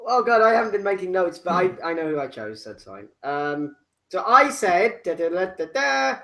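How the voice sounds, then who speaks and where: A man's voice: high voice, very animated, moderate pace, creaky, bright, forceful tone. A man co-hosting a casual chat, flustered and swearing as he reads his picks. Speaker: podcast co-host.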